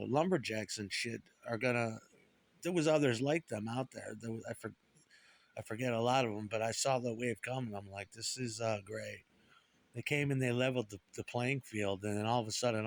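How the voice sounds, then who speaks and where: A man's voice: on the low side, no room sound. A middle-aged man talking bitterly and profanely in a rambling monologue about guitar and his past. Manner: profane, bitter, puts on voices for quoted people.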